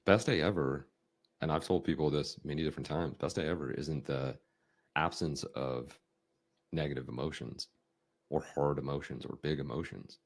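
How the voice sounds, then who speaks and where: A man hosting a podcast, talking through ideas in a conversational coaching style, acting out emotions with big shifts in tone. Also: moderate pace. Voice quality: deep gravelly husky voice. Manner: animated, acts out emotions with big swings in tone. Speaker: podcast host.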